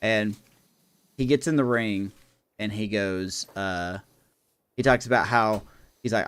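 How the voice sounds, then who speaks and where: A man hosting a livestream, chatting casually and telling a story in an animated way with lots of laughs. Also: lowish voice, takes it slowly, long pauses, clean tone, no room sound. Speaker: livestream host. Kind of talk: casual chat on a gaming stream.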